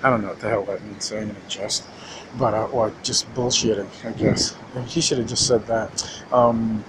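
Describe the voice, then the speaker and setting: A man's voice: lowish voice, fairly even intonation, moderate pace, noisy background. A man ranting in a casual, rambling monologue, cursing often and restarting his sentences. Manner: rambling, profane, many restarts and fillers.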